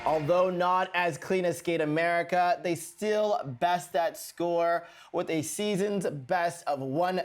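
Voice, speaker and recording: A man hosting a figure skating recap show, commentating over highlights in a lively, playful way. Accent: put-on British accent. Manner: playful, chatty sign-off with a put-on accent.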